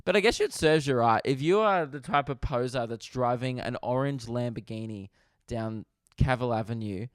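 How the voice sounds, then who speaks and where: A young Australian man hosting a podcast, telling a comedic story with animated swearing and laughter. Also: medium pitch, normal speed, dry recording, clean studio sound. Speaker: podcast host.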